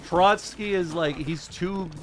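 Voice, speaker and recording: A man streaming live, chatting casually and wryly with his viewers, quick to joke and to deny things. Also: high-pitched, fairly bright tone, a little hiss or hum.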